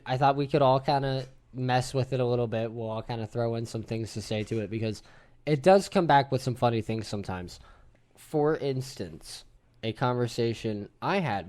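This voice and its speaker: A man in his thirties hosting a podcast, telling a story to friends in an animated, casual way and swearing freely. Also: medium pitch, clean tone. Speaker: podcast host. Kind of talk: casual group chat.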